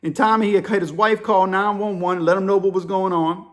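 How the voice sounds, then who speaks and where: A man host telling a story in a casual, animated way. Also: sits high. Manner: animated, quick shifts between narration and voices.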